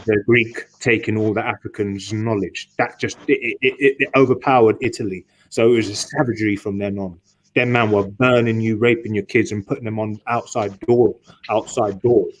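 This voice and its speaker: A man's voice: lowish voice, low-quality recording. A man talking at length in a casual online discussion. He repeats and restarts his words often and swears for emphasis. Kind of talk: rambling casual monologue.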